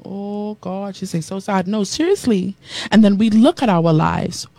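A woman radio host preaches animatedly on a talk show, repeating phrases and reading listener texts and comments aloud. Her mid-range voice is creaky and unhurried, and there's no echo.

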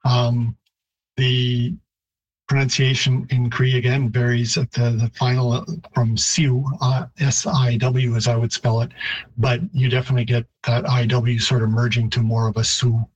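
A man, a linguistics professor, answering radio interview questions in a thoughtful, halting way with many restarts. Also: mid-range voice, little pitch movement, a little mellow, slightly rough, dull audio.

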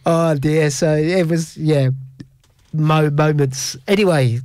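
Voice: medium pitch, fairly even intonation, slow pace, a little mellow, no echo. A radio host in casual chat, rambling and giggling through stories.

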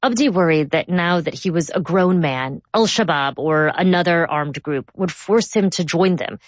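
A woman hosting a news podcast, narrating a scripted story in a measured, clear way and interviewing a guest. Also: on the low side, dry recording. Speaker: host.

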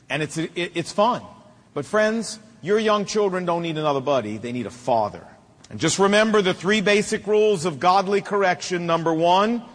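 A man's voice: high voice, big-room sound. A middle-aged man preaching a sermon to fathers, with an emphatic, repetitive cadence.

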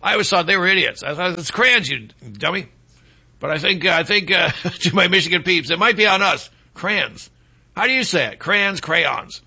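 A man's voice: high-pitched, quick pace, hardly any pauses, pushed and bright, breathy edge. A man hosting a talk show, delivering a rambling, sarcastic monologue with mocking asides.

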